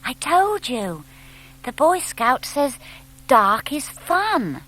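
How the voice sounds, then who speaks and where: A woman voicing an eager young baby owl boy who speaks slowly, wide-eyed and pleading. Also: sits high, big pitch swings, pushed and bright, pitched above the performer's own voice, exaggerated voice, low-quality recording.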